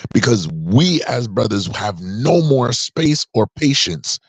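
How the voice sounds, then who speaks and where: With a fairly low voice and no echo in the recording, a podcast commentator around forty holds forth in a preachy opinion monologue. He is emphatic and draws out the words he wants to stress.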